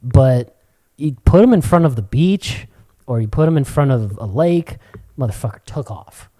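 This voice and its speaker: A young male podcast co-host spinning a casual anecdote. His pitch swings widely, and he jumps into squeaky, shouted voices when he quotes people. He swears freely throughout. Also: normal speed. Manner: animated storyteller, swears a lot, yelps into high quoted voices. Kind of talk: casual chat.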